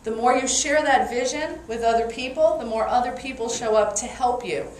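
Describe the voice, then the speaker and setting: A woman with a Brooklyn accent giving a lively motivational talk to a live audience and calling for their answers. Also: fairly high pitch, normal speed. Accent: New York (Brooklyn). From Brooklyn, New York. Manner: energetic, playful, calls for audience response. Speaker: motivational speaker. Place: meeting room with an audience. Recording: echoey room from far off, faint noise.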